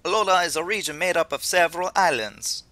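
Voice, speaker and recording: A man doing a booming cheerful island professor. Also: animated, normal speed, pushed and bright. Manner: booming, playful, attempting a put-on island lilt.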